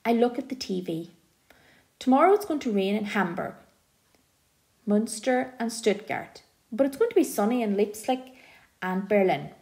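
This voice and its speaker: A woman narrating an audiobook in a gentle, expressive storytelling manner. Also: a little high, moderate pace, gravelly, pauses often.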